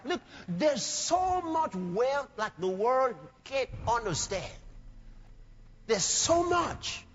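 A man preaching a fervent sermon, now and then rising to shouts and acting out the people he quotes. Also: extremely high pitch. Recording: reverberant hall, dull sound, music behind.

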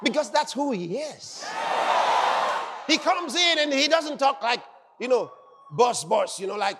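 High lively preacher guy shouting praise, slow delivery, big hall echo. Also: over a noisy crowd, very noisy. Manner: exuberant, shouting exclamations. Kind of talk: sermon. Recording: long hall reverb.

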